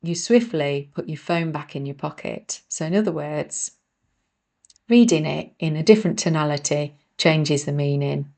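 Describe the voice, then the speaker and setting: With a low, creaky, darkish voice at a normal pace, a podcast host reads from the self-help book she wrote. She keeps stepping away from the text for chatty asides to her audience that poke fun at herself.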